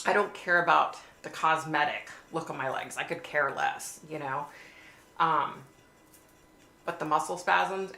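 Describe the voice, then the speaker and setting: A woman's voice: low-pitched, gravelly, sharp tone. A woman hosting a casual livestream, chatting and reading viewer comments aloud. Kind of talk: casual live chat. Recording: echoey room with faint hiss.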